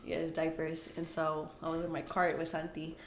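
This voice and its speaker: A woman's voice: low-pitched, moderate pace, slight background noise. Laid-back woman in an echoey room. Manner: laid-back, laughing, relaxed storytelling. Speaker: guest. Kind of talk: casual chat.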